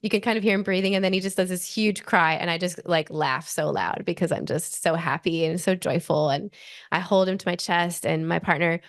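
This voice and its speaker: A woman in her forties with an Australian accent tells a personal story as a podcast guest, rushing along animatedly with many "like" fillers. Her voice sits on the low side, and the sound is dry and close, with no echo or room around it.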